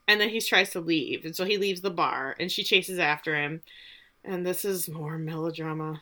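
A woman's voice: on the low side, normal speed, pushed and bright. A woman recapping a TV show in casual chat, sarcastic and mocking.

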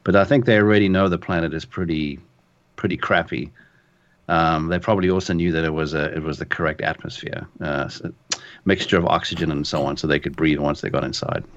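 A man's voice: a bass voice, steady tone, fairly quick, a bit bright, highs cut off. A man co-hosting a podcast in casual chat, thoughtful and hesitant. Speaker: podcast co-host.

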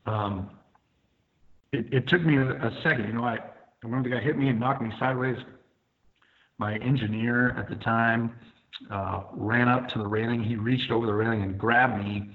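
Speaking in a mid-range voice with fairly even intonation and normal speed, a male firefighter guest narrates his experience vividly, one step at a time, filling gaps with frequent fillers. The line is tinny, like a phone call.

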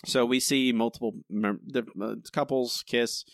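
A man's voice: mid-range voice, fairly even intonation, measured pace, dry recording, studio quality. A young man co-hosting a podcast, ranting in a casual, exasperated way and repeating his points. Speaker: podcast co-host.

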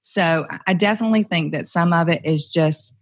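Female guest, lower voice, earnest and reflective, talks it through. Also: moderate pace. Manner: reflective and earnest, thinks aloud. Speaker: podcast guest, entrepreneur's wife. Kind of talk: conversational interview.

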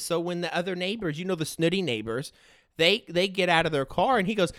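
Rambling, bright-voiced male podcast host. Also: high voice, moderate pace, smooth, no room sound, studio quality. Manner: rambling, joking, laughs often. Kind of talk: casual solo podcast chat.

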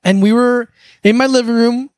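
A South Florida man with a very high-pitched, slightly mellow voice and fairly even intonation speaks at a moderate pace. Co-hosting a podcast, he tells a childhood story earnestly in rambling casual chat, full of fillers and restarts. The sound is dry and close, from a studio mic with no echo.

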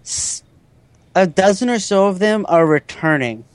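A man narrates a tabletop game as its game master, setting scenes with halting restarts. His voice sits a little high. It is recorded close and dry, with no room sound. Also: expressive, no echo.

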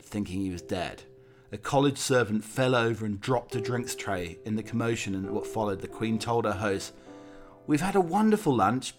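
A man narrating from a script in a steady, measured reading voice with occasional slips. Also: lowish voice.

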